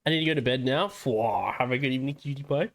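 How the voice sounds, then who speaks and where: A man's voice: mid-range voice, quick pace, vocal fry. An Australian man streaming casually, laid-back and giggly, swearing often. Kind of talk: casual livestream chat.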